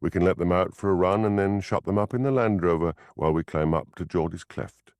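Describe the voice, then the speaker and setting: A man voicing a composed adult woman who speaks in a calm, even voice, in a storybook. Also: low-pitched, brisk, dry recording, clean studio sound.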